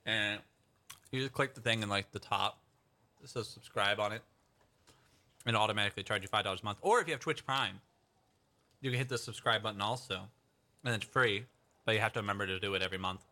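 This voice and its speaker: A man's voice: fairly low pitch, fast, pauses often, bright, forceful tone. A young man streaming from home, chatting with his viewers in a rambling, think-aloud way. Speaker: livestreamer. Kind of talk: casual chat with stream viewers.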